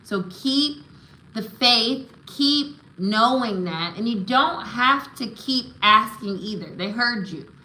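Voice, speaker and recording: Bright-voiced woman reading tarot live. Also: a little high, lively intonation, slow, reverberant, low-quality recording. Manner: affirming, says "right?" and "okay?" often; emotional, spiritual encouragement. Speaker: tarot reader.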